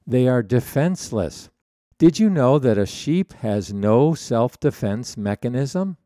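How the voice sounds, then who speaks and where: Slow, deliberate preacher man. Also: mid-range voice, expressive, dark tone, no room sound, clean studio sound. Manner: deliberate, emphatic preaching with slowed key phrases. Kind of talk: sermon.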